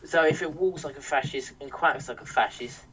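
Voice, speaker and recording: A young Englishman hosts a podcast and launches into a casual, heated rant full of swearing and restarts. His voice is a little high and fairly bright, and he talks briskly. The mic is distant, with faint noise.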